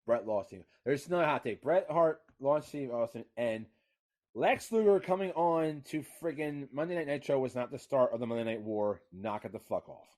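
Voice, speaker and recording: A man co-hosting a casual wrestling chat, swearing freely, whose voice climbs high and loud when he gets worked up. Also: animated, moderate pace. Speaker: podcast co-host.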